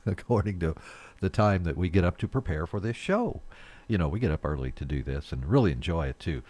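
Chuckling low-voiced folksy radio host. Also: male voice, animated, moderate pace, a little mellow. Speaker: radio morning show host. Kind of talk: casual radio chat. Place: radio studio.

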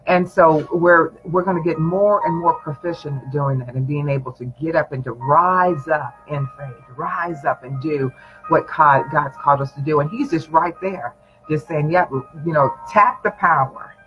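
A man's voice: a little high, moderate pace. A man, a pastor, preaching encouragement in a prayer session with emphatic affirmations. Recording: dull lo-fi sound with faint music.

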